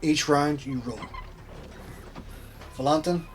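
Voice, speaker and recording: A man acting as storyteller, narrating a tabletop role-playing game with steady, descriptive scene-setting. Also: fairly high pitch, slow, a little hiss or hum.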